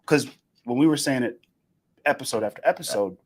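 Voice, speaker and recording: A man's voice: medium pitch, brisk. A man co-hosting an internet radio talk show, telling stories with lots of acted-out dialogue and laughter. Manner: animated storytelling, acts out dialogue, laughs often. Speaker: co-host. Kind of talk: casual talk-show banter.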